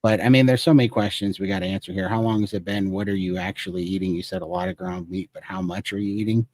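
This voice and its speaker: Low-voiced man sharing earnest testimony. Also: fairly even intonation, fast, a little mellow, dry recording. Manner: earnest, rambling personal testimony. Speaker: guest speaker. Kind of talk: casual advice chat.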